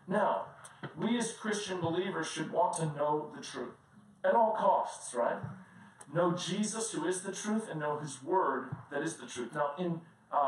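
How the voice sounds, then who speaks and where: A male pastor with a fairly high voice preaches in a large, strongly echoing church hall, heard from some way off the mic. He talks in a loose, animated, story-driven way, often chuckling through his own anecdotes. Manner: conversational, animated, often laughing while telling stories. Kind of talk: sermon with personal storytelling. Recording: very echoey room, distant mic, faint noise.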